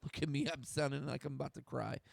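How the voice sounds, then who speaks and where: A man's voice: medium pitch, fairly even intonation, fast talker, vocal fry, no room sound, studio quality. A young man from the United States hosting a solo sports talk stream, getting fired up, swearing and restarting his sentences. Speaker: host.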